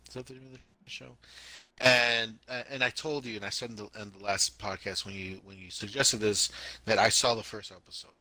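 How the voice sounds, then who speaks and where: A man co-hosting a casual podcast chat, talking in an animated, emphatic way and repeating himself for effect. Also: lowish voice, a little fast, no room sound. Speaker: podcast co-host.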